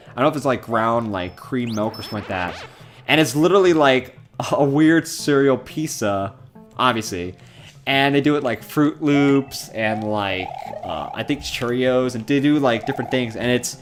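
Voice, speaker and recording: Young man, live-stream chatter, rambling, laughs often, mid-pitched, faint game music behind. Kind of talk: casual live-stream chat, reading chat.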